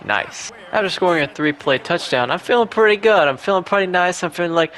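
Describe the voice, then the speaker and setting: A man's voice: sits high, fairly quick, few pauses, fairly bright tone, slight background noise. Young man doing casual game play-by-play. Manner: casual, self-deprecating play-by-play. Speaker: gaming YouTuber. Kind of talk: video game commentary voice-over.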